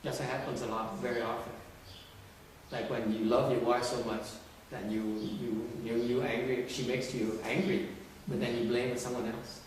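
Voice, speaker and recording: A man's voice: medium pitch, little pitch movement, normal speed, slight background noise. A man giving an informal talk to a group, conversational and teasing, often restarting his sentences and posing questions to listeners. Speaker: teacher addressing a group. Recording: very echoey room, distant mic.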